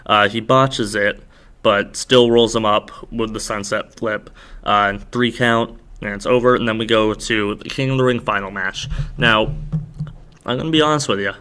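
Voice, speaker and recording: A man's voice: lowish voice, steady tone, moderate pace, sharp tone, clean tone. A young man hosting a podcast, rambling through a wrestling recap with lots of fillers, tired and slurring a little. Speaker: podcast host. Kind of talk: casual solo recap.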